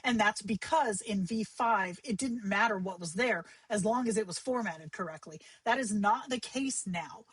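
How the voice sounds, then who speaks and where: A woman hosting a livestream tutorial, talking in a chatty, conversational way with quick asides. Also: mid-range voice, husky, dry recording, low-quality recording. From Arizona. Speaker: livestream host teaching AI companion tips.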